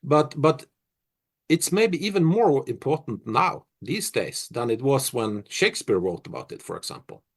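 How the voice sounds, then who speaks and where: Halting middle-aged man. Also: medium pitch, sing-song. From Norway. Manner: reflective, halting, many restarts and fillers. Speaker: musician being interviewed. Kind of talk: casual interview answers.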